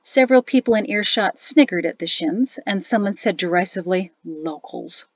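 A woman narrates a fantasy novel in an even, measured storytelling voice at a middle pitch. The sound is dry and close, with a slightly dull, lo-fi tone. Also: no room sound. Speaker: audiobook narrator. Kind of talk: scripted narration.

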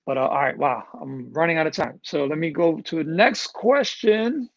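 Gravelly, chatty man in his fifties. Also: fairly high pitch, normal speed, no room sound, dull audio. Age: 50s. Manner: loose, chatty, filler-heavy and energetic. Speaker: host answering audience questions. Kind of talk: casual live-streamed Q&A.

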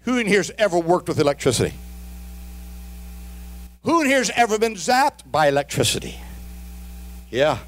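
A middle-aged male pastor preaching a sermon with emphatic delivery, moving between quiet asides and shouted exhortations, with folksy humor and repeated rhetorical questions. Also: high voice, sing-song, moderate pace, long pauses.

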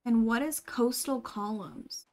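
A young woman offers casual live commentary while gaming, thinking aloud and saying "like" and "um" a lot. Her voice is a little high, a little slow and a little mellow.

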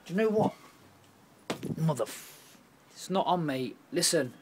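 A young man ranting in a video, blunt and profane, swinging from low muttering to loud outbursts. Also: expressive, unhurried, pauses often, noisy background. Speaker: vlogger. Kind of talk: heated video rant.

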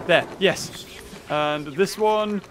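A British man commentating on a dinosaur park game, breaking into excited shouts and laughter. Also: high voice, drawn-out words, noisy background. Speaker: gaming YouTuber. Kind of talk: excited let's-play commentary.

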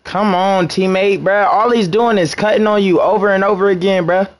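A man's voice: sits high, steady tone, normal speed. A young man giving frustrated live gameplay commentary, scolding his teammates in heavy slang. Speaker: gamer.

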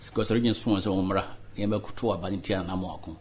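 Ghanaian man, low husky voice. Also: fairly even intonation, fast, a little mellow. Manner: earnest, mixes Twi and English. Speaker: politician. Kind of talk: interview answers.

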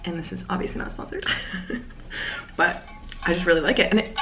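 A woman's voice: on the low side, fairly quick, long pauses, soft background music. A young woman chatting casually through a day-in-the-life vlog at home, rambling and trailing off into little asides. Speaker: vlogger. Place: at home in her apartment. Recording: roomy home recording.

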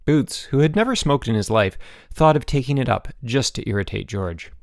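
A man narrates a children's audiobook in an expressive, storytelling manner, his mid-range voice moving at a normal speed with hardly any pauses. The studio recording is clean, with no room sound.

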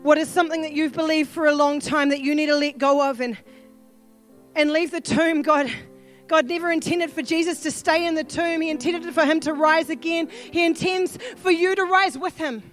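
High-voiced woman preaching a sermon. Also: steady tone, moderate pace, soft background music. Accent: New Zealand. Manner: earnest, pleading, rising to shouts. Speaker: pastor.

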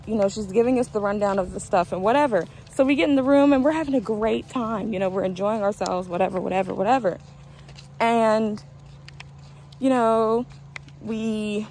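A woman of twenty-one telling a story in a casual, animated way in a vlog. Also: on the high side, a little hiss or hum, rough recording. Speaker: vlogger.

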